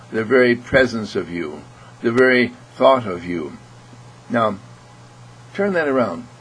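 A man giving an earnest inspirational spiritual talk, repeating phrases and often clearing his throat. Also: on the low side, fairly bright tone, a little hiss or hum, rough recording. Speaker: spiritual speaker.

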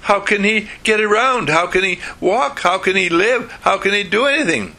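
Casting: man doing shrill squealing storybook family, high and loud, raspy edge. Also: expressive, moderate pace, full character voice. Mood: astonished. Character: shocked family members, high-pitched and shrill.

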